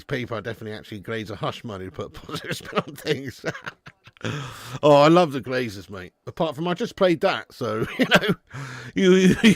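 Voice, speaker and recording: A man's voice: mid-range voice, no room sound, clean studio sound. A man hosting a live football watch-along stream, reading out donations and bantering with viewers in a chatty manner with frequent laughs.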